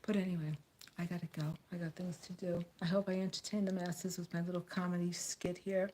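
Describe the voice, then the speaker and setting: A woman's voice: fairly low pitch, little pitch movement, a little fast, darkish tone, a little hiss or hum. An American woman talking straight to camera in a blunt, outspoken rant, repeating phrases for emphasis. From United States. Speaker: vlogger.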